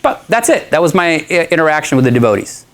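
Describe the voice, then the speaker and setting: A man giving a talk to an audience, telling a story in a chatty, animated way and laughing often. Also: on the high side, quick pace. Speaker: guest speaker.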